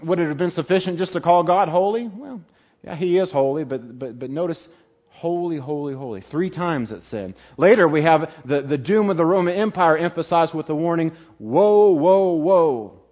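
A man teaching an evening Bible lesson to a live class, emphatic, swinging from loud stresses to quiet drops and repeating words. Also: fairly high pitch, brisk. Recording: tinny phone-like sound.

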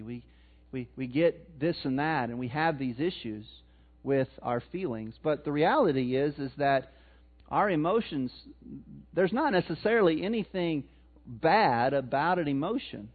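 Animated and at a normal pace, a man with a high-pitched voice preaches to his congregation, talking with them and asking them questions. He is a pastor, and the sound is thin and tinny, much like audio through a telephone.

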